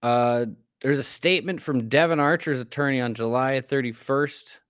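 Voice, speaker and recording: A man's voice: mid-range voice, normal speed, fairly bright tone, clean tone, no room sound, studio quality. A man co-hosting a casual political podcast, rambling with many fillers and restarts. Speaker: podcast co-host.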